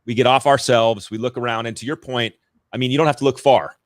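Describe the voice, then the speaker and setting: A man of ordinary pitch hosts a casual podcast interview. He thinks aloud, restarts his phrases, and asks reflective questions, and his voice sounds dry and close. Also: fairly even intonation, fast talker, no room sound. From California. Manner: reflective, searching, with frequent restarts. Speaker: podcast host.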